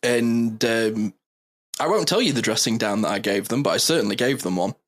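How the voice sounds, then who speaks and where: A man's voice: on the low side, expressive, normal speed. A man co-hosting a podcast, chatting casually with a playful, joking manner. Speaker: podcast co-host. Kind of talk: casual chat.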